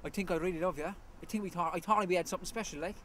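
An actor with a Cork accent playing a brash young rival lover who swears constantly. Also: male voice, sits high, racing, fairly bright tone. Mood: pleading. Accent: Cork Irish. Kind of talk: film acting. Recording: noisy recording.

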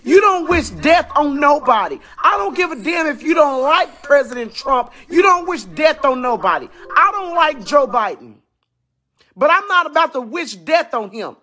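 A man ranting angrily in a video clip, shouting and swearing as he speaks. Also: very high-pitched, big pitch swings, normal speed. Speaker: Trump supporter in a played clip. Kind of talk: angry rant.

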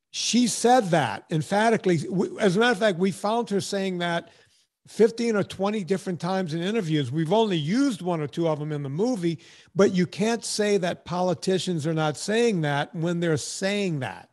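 A podcast host with a New York accent, a man whose voice sits a little high for a man. He talks in a casual, animated way, often restarting his sentences as he tells a story. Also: moderate pace. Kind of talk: casual podcast chat with ad read.

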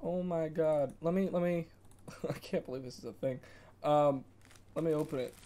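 A young man streaming video games, reacting excitedly and laughing as he plays. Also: on the high side, normal speed. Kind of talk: casual gaming commentary. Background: faint game music.

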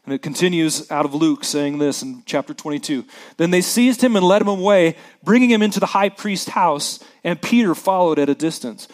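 A man delivers a sermon from the pulpit, his voice sitting a little high for a man. He reads scripture dramatically, putting on voices for the characters, then drops to a hushed tone for the somber moments. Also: a little fast. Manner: animated preacher who acts out scripture voices, dropping soft for somber moments. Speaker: pastor.

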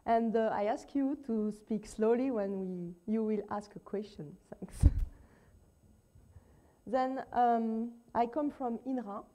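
A woman with a strong French accent gives a conference talk in English, which is not her first language. Her voice sits a little high but sounds mellow and warm. She picks her words slowly and fills the gaps with hesitant little sounds. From France. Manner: slow, careful speech with many fillers and shy laughs. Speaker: visiting research scientist. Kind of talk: conference presentation.

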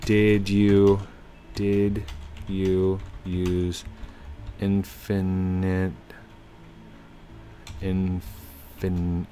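Man, low voice, unhurried, gameplay commentary, apologetic but firm, light keyboard noise. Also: monotone, mellow. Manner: apologetic yet firm, lecturing players. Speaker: gaming YouTuber.

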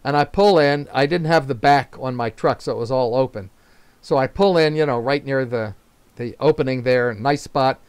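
A man's voice: mid-range voice, normal speed, smooth, dry recording. Older man telling rambling anecdotes. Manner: rambling anecdotes with chuckles and fillers. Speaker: invited speaker. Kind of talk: casual storytelling at a club meeting.

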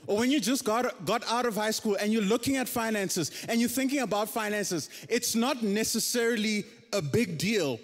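High-voiced young man preaching in a hall. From South Africa. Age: 20s. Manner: conversational, self-deprecating storytelling with rising emphasis. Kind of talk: testimony sermon. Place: church stage. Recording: hall reverb.

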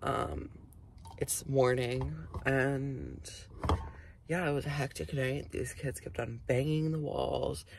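A young man with a raspy voice, chatting casually to his vlog camera, swearing and dropping to whispers. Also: mid-range voice, expressive, slow pace, a little hiss or hum. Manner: frequent "like" fillers, swearing, drops to whispers. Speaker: vlogger.

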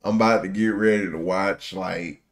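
A man hosting a movie reaction, excitable and full of slang, laughing along. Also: deep voice, normal speed. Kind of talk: casual reaction commentary.

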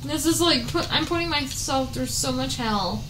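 Exasperated high-voiced woman gamer, swearing. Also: normal speed, echoey room, background noise. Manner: frustrated, swearing, yelling at the game. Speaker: gaming YouTuber. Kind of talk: casual let's play commentary.

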